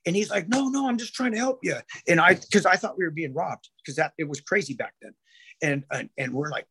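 A man with a husky, somewhat high voice talks on a podcast as a guest. He tells rambling, profane stories full of restarts and fillers. The tone is loose and unfiltered. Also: sharp tone. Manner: rambling storytelling, heavy swearing, many restarts. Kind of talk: casual podcast chat.

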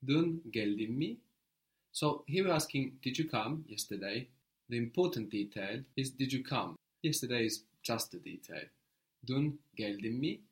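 A man leads a language lesson at an even middle pitch. He prompts his learner, then repeats each answer slowly and patiently. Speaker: language teacher.

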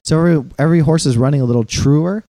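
Rambling, profane man with a mellow voice. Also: on the high side, rapid-fire, dry recording, studio quality. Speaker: podcast co-host. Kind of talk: casual chat.

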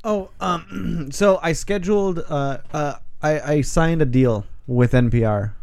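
A man's voice: a little high, measured pace, darkish tone. A man co-hosting a comedy podcast, delivering straight-faced jokes. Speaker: podcast co-host. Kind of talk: casual comedic banter.

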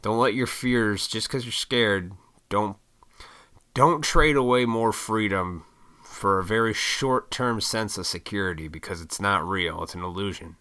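A man from Illinois ranting in a casual solo monologue, blunt and profane, with mocking high-pitched put-on voices. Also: measured pace, pushed and bright. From Illinois, USA. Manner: works in restaurants.

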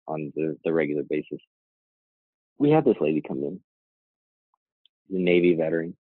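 A deep-voiced man, the co-founder and CEO of a nonprofit, is a guest in a conversational storytelling interview. His slightly rough voice comes over a dry, tinny, phone-like line with no echo, and he rambles, often tossing in "right?" and "you know."

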